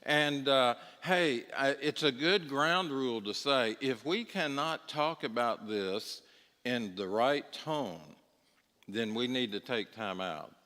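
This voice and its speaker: A man's voice: mid-range voice, animated, slow, sharp tone. A middle-aged man teaching a church Bible class in a conversational way, often asking his listeners if they agree. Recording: long church-hall reverb.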